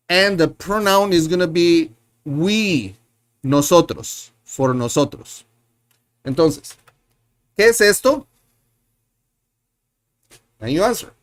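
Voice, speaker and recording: A male Spanish teacher leading a live online class, speaking slowly and patiently in a slightly high voice. He repeats each word several times for his learners and corrects himself as he goes. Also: lively intonation. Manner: self-correcting, thinks aloud. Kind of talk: live online language lesson.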